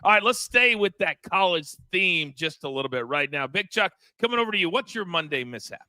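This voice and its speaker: Bright high-voiced male host. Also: no room sound, studio quality. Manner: lively, quick to laugh. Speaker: show host. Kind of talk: sports betting talk show.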